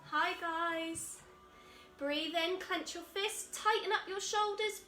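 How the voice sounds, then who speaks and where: A woman with an English accent guiding a children's yoga class, calling out moves in a gentle, encouraging way. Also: very high-pitched, unhurried. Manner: encouraging, gentle, calls out moves while exercising. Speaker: kids yoga instructor. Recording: echoey room, voice from a distance, soft music.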